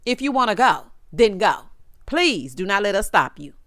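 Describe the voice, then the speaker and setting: A woman's voice: medium pitch, sing-song, normal speed, a bit bright, no room sound, clean studio sound. A woman giving a sassy, casual recap of a reality TV episode, mimicking the cast in changing voices.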